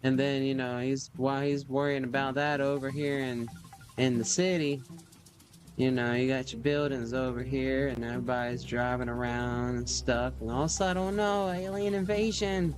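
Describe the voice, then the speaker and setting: A man's voice: mid-range voice, little pitch movement, normal speed. A man hosting a livestream, rambling casually as he draws, full of fillers and sound effects. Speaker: livestream host drawing on stream. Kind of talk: casual storytelling while drawing.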